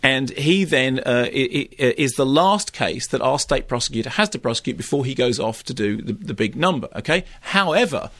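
A man reviewing films on the radio in a lively, ranting way, slipping into mock impressions. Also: mid-range voice, normal speed, few pauses, dry recording. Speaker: film critic. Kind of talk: radio film review banter. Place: radio studio.

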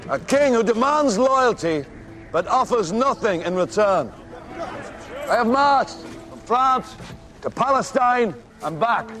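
A man's voice: very high voice, fairly bright tone, heavily acted. An actor playing a defiant medieval knight who addresses a king with a rousing, declamatory speech. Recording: film clip with faint music.

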